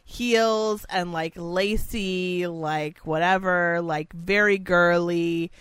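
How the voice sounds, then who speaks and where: A woman's voice: fairly low pitch, fairly even intonation, slow, a bit bright, smooth, no room sound. A woman in casual chat, talking bluntly and profanely about a friend.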